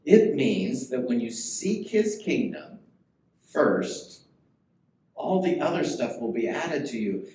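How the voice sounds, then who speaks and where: Lively conversational male pastor preaching. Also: mid-range voice, slight background noise. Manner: conversational, asks the congregation questions. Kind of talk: sermon. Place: church sanctuary. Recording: echoey church room, faint ambience.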